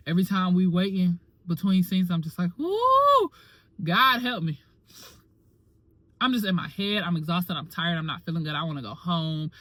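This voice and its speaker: A woman vlogger telling her own story in a casual, dramatic and expressive way, talking straight to her viewers. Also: lowish voice, no room sound. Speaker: actor and vlogger.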